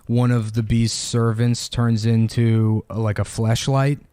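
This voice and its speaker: Man with a smooth, clear voice. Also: mid-range voice, completely flat delivery, measured pace, dark tone, dry recording, clean studio sound. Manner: crude, rambling, punchline-driven. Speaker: podcast co-host. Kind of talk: casual comedic chat.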